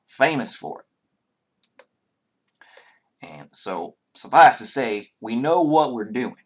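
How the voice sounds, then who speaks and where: A man's voice: mid-range voice, sing-song, takes it slowly. Man putting on a folksy Southern young lord. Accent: Southern US, put on. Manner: folksy, hospitable, rambling. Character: young blond man, cheerful lord of a horse town.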